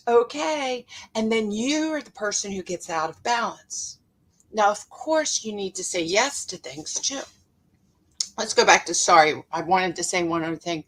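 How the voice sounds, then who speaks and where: A middle-aged woman hosting a motivational talk as a life coach, telling stories in an earnest way and acting out quotes with lively jumps in her voice. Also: medium pitch. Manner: earnest, storytelling, animated quoting.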